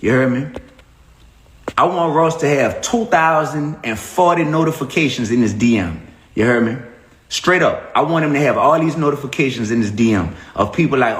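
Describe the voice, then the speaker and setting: Lively preachy man in an echoey room. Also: medium pitch, normal speed, long pauses. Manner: animated, preachy, greets viewers by name. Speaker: livestream host. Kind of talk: casual livestream talk.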